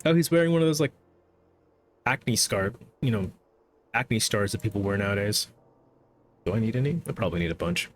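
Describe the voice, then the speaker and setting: A man's voice: lowish voice, lively intonation, brisk, pauses often, faint music behind. A man streaming a game, chatting casually, brushing off the game's dialogue and stumbling over his words as he goes. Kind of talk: casual gameplay commentary.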